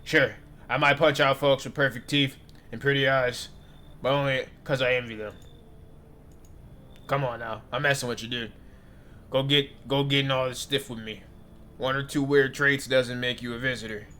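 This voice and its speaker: A man plays a boisterous, half-drunk visitor who banters loudly and brashly. He sounds pushy and jokey, a character in a horror game. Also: mid-range voice, fairly even intonation, moderate pace, pauses often, a little hiss or hum, lightly acted. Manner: loud brash joking banter.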